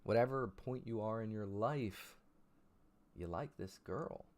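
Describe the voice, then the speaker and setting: Young man, livestream host, low voice, hyped, repeats himself. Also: a little slow. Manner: hyped, repeats names and phrases. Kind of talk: casual livestream chat.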